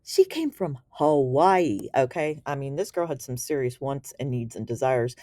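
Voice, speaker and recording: A woman's voice: very deep voice, sing-song, normal speed, warm tone. A woman telling a story in a casual, slangy and enthusiastic way, laughing now and then as she explains. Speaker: Reiki teacher.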